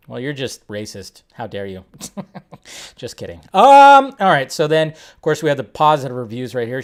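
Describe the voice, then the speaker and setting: A man's voice: mid-range voice, clear, resonant tone. A young adult man hosting a casual film-news livestream, rambling and joking as he reacts to reviews. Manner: rambling, animated, jokey. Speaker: livestream host.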